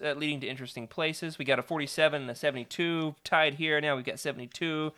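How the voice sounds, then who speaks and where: A man's voice: mid-range voice, fairly quick, pushed and bright. A man hosting a live stream, chatty and playful, reading a choose-your-own-adventure book aloud to his viewers.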